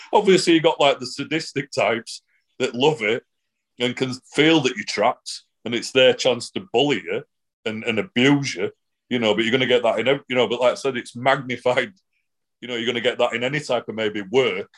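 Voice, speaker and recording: A middle-aged man talks freely in an interview, circling back on himself with "you know" and "like" and swearing bluntly. His voice sits at an ordinary middle pitch. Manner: rambling, many restarts and fillers, blunt swearing. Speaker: guest. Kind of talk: casual interview, personal account.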